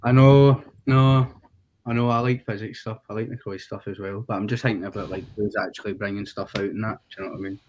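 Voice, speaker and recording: A man's voice: lowish voice, fairly even intonation, fast, a little mellow, lo-fi sound, slight background noise. A young Scottish man, a rapper guest in a casual interview, laid-back and slangy. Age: young adult.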